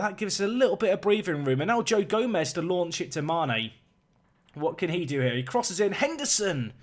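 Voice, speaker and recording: A young man giving lively play-by-play commentary on a football management video game, climbing in excitement on big chances. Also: fairly high pitch.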